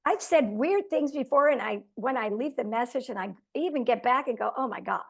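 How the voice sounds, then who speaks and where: Earnest woman with a higher voice. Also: lively intonation, fairly quick, creaky. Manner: earnest, self-deprecating. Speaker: team member sharing tips. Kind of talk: coaching team call.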